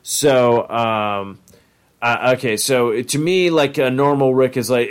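A man's voice: mid-range voice, slow, clear, resonant tone. A man co-hosting a casual podcast, rambling and enthusiastic with plenty of swearing. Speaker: podcast co-host. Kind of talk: casual chat.

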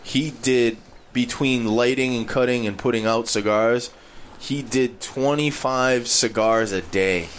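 Casual podcast co-host, male, mid pitch, rambly and excitable, light background hiss. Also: unhurried. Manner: animated, rambling, voice jumps high when indignant. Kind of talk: casual chat. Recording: faint background noise.

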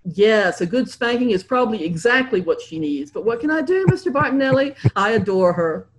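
A breezy, jolly English gentleman who never loses his cool, read out by a woman. He speaks with lively, swinging inflection and never lowers his voice to sound gruff. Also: a little fast, background noise, close to an everyday voice. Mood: smooth. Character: unflappable posh English gentleman, man.

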